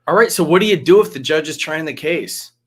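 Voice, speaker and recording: A man's voice: fairly high pitch, animated, fairly quick, fairly bright tone. A man from Northern Michigan, a trial lawyer chatting as a guest over drinks, speaking emphatically and often restarting and repeating words. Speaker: guest, litigation attorney. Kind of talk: casual chat over drinks.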